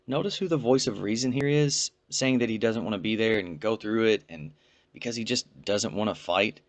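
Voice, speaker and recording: Low-voiced man making pointed commentary. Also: moderate pace. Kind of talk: commentary on a played clip.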